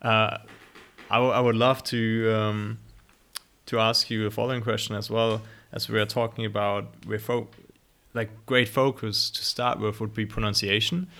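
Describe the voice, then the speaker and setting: A man's voice: fairly low pitch, little pitch movement, moderate pace, a bit bright. A man interviewing a guest in a casual conversation, talking hesitantly with many fillers.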